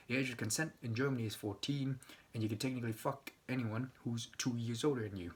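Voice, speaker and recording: A man's voice: mid-range voice, quick pace, husky. A man talking in a rambling, digressive monologue, with crude asides. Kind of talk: casual monologue.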